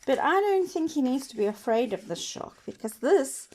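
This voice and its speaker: A woman giving a patient painting lesson for children, gently asking questions and dropping to soft whispers as she works. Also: high voice, big pitch swings, normal speed. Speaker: children's art teacher. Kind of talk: slow painting demonstration for children.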